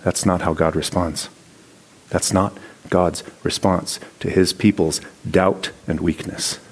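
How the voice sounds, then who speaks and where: A man's voice: deep voice, level tone, slow, husky. A man giving a sermon, reading scripture passages aloud and commenting on them in a conversational preaching tone. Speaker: pastor.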